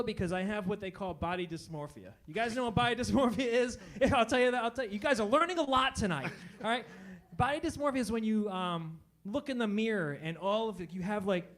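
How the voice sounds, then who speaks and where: A man in his forties doing a self-deprecating stand-up comedy set, landing punchlines and tagging them with quick asides to the crowd. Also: sits high, expressive, fairly bright tone. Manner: self-deprecating, punchy, tags jokes with "all right?".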